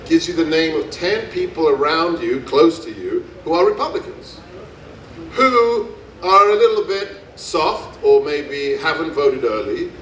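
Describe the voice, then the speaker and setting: Speaking from an outdoor festival stage, this man has a fairly high, somewhat bright voice. His gun rights rally speech is emphatic, full of stories and phrases repeated for effect. Distant PA sound echoes, with slight background noise.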